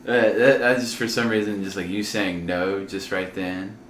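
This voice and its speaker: A man hosts a casual comedy podcast in a very low, deep voice. He jokes around loosely, full of fillers and restarts, and the sound carries the echo of a room in a house with a faint hiss behind it. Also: flat delivery, normal speed, a bit bright. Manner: joking, with frequent filler words and restarts. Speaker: podcast host. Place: a friend's house.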